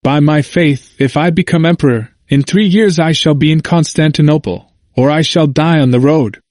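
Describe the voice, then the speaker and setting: A man's voice: fairly high pitch, moderate pace, darkish tone, no room sound, clean studio sound, pitched above the performer's own voice, close to an everyday voice. A man voicing an ambitious, effusive French king, declaiming his lines with emphasis. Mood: fervent.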